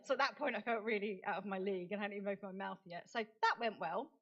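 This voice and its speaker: A middle-aged British woman, a conference speaker and advocate, gives a talk at a conference venue in a chatty, self-deprecating manner, laughing often. Her mid-range voice is fairly bright and she talks fast, though the recording sounds lo-fi.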